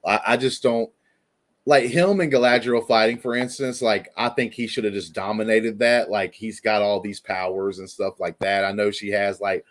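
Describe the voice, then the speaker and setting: A man with a fairly low voice hosts a laid-back show review. He talks things through loosely, circling back with frequent fillers as he makes his points. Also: steady tone, normal speed. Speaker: podcast host. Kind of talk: casual review chat.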